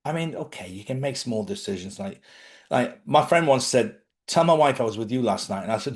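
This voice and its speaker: A man's voice: medium pitch, lively intonation, brisk. A man, talking casually about spiritual living and telling stories from his own life, often checking in with his listeners. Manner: conversational storytelling, asks listeners questions. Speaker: host.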